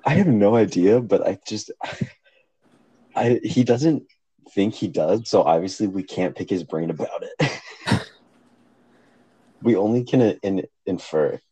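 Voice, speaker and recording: A man's voice: on the low side, expressive, slow pace, pauses often, dark tone, breathy edge, no echo, poor audio. A young man co-hosting a casual podcast, joking and swearing, laughing often, talking on a phone. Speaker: podcast co-host. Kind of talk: casual chat.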